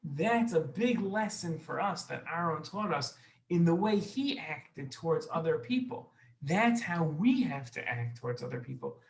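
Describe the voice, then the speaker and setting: A children's Torah teacher telling a lesson story, gentle and repeating words for emphasis. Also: medium pitch, lively intonation, unhurried, gravelly, rough recording.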